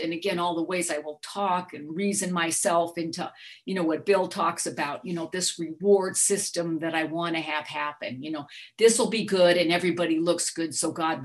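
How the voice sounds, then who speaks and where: A woman's voice: fairly low pitch, steady tone, fairly quick. A middle-aged woman telling a candid personal recovery story, acting out her own outbursts as she goes. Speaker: workshop speaker sharing her story.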